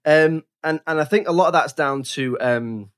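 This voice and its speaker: A man's voice: on the high side, normal speed, a bit bright, clean tone. A man co-hosting a casual film podcast, thinking aloud with frequent restarts and fillers. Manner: thoughtful, many restarts and fillers.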